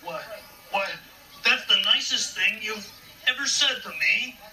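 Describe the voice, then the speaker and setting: A man voicing a cantankerous male puppet monster on a children's TV show, with a gruff voice pushed out the corner of his mouth. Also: high-pitched, measured pace, pushed and bright, pitched above the performer's own voice, heavily acted. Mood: sarcastic. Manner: grouchy, snappish. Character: grumpy cantankerous male trash-can monster, sarcastic. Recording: distant TV clip with faint music.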